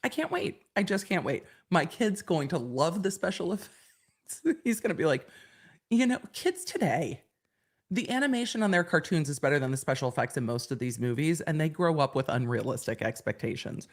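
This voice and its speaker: A woman's voice: deep voice, lively intonation, moderate pace. A woman in her forties hosting a casual livestream from home, chatting in a rambling way and laughing easily. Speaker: livestream host.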